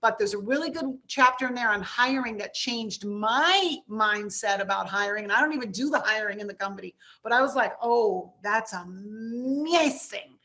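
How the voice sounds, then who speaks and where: A woman with a New York accent hosts an online webinar, her voice sitting a little high. She talks in a brisk, chatty, enthusiastic rush, plugging resources and thanking her guest over a video call. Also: bright, forceful tone. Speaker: webinar host. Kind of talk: casual webinar wrap-up.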